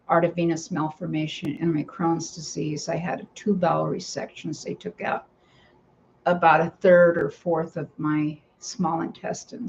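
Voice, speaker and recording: A woman's voice: sits low, vocal fry, a little mellow, slight background noise. A woman vlogger telling a personal story in a rambling, casual way, breaking off now and then to talk to her cats at home. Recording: dull lo-fi home recording.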